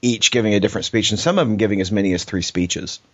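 A man's voice: fairly low pitch, quick pace, no room sound, dull audio. A man co-hosting a podcast, telling stories in a rambling casual way with many restarts and laughs. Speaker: podcast co-host. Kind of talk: casual chat.

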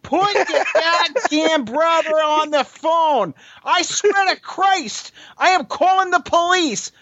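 A man voicing a furious woman with a Boston accent, yelling into a payphone in a high, strained, drawn-out voice, over dry, slightly dull audio. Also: no echo, heavily acted.

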